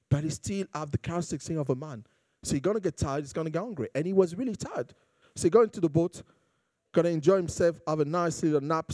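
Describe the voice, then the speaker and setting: Man preaching, mellow and close. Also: on the high side, dry recording. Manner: conversational preaching with rising emphatic passages. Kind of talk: sermon.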